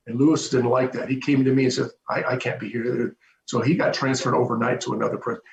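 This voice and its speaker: A man recounts his time as a corrections officer at a fast clip, stumbling into restarts as he goes. His voice comes through a video call with a roomy echo, and the sound is dull and low-fi. A faint hum runs underneath. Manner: fast, animated retelling with hesitant restarts. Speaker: former prison corrections officer. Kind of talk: storytelling in an interview.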